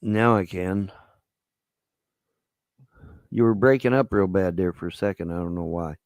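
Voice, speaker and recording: A man's voice: low voice, measured pace, a little mellow, no echo. A man live-streaming, ranting angrily and profanely with threats. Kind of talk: heated live-stream rant.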